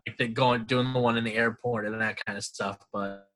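Excitable male interviewer. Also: lowish voice, fairly quick. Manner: excitable, exclamatory, laughs often. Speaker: host, interviewer. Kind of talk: casual interview.

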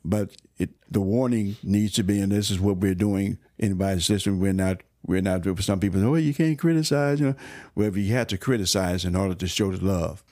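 A man's voice: sits low, fairly even intonation, a little fast, darkish tone, no echo, studio quality. A man speaking as a church minister in an earnest, exhorting conversation, restarting often and pushing up into sudden emphatic bursts. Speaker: church minister co-hosting a faith discussion.

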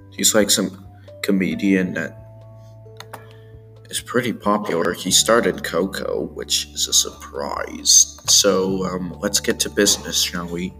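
A man casually commenting on his own animated series, rambling with many fillers. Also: low-pitched.

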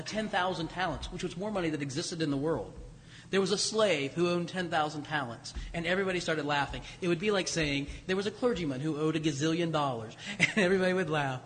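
High-voiced preacher in a resonant church. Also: male voice, a bit bright, slight background noise. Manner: emphatic, repeats key phrases, slows for stress. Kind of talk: sermon. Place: church sanctuary. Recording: long church reverb.

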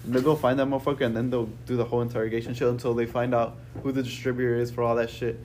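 A young man casually telling a rambling, profane story to friends, peppered with "bro" and "right?"; he says he is a little high. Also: level tone, racing, darkish tone, a little hiss or hum.

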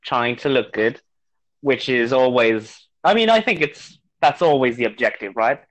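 A man's voice: mid-range voice, lively intonation, normal speed, poor audio. A man from Mexico with a British-sounding accent, a guest on a casual gaming chat, speaking in a dry and hesitant way. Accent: British-sounding English.

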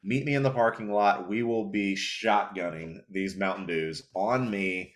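A young man hosting a podcast, telling stories in a profane, animated way, a little tipsy and slurring. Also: deep voice, measured pace. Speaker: podcast host. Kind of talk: casual podcast chat.

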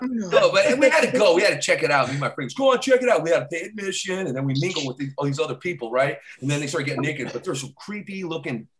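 Rambling high-voiced stand-up comedian, man. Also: expressive, fast talker, crowd noise. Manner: rambling, crude, repeats himself. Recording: loud live audience laughter.

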